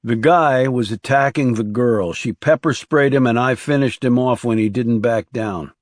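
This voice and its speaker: A man's voice: medium pitch, normal speed, no echo, studio quality, lightly acted. A man narrating an audiobook voices a tough male assassin with a terse, clipped delivery.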